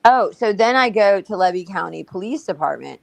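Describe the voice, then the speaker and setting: A woman's voice: mid-range voice, lively intonation, brisk, gravelly, dry recording, poor audio. A woman telling her story bluntly and profanely in a casual livestream talk. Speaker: guest.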